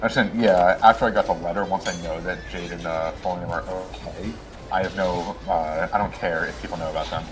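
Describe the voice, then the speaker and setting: A man with a very low voice playing a tabletop game. He speaks haltingly, with plenty of "uh"s, while music plays clearly behind him. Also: steady tone. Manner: halting, filler-filled. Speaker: player. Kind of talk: casual tabletop role-play.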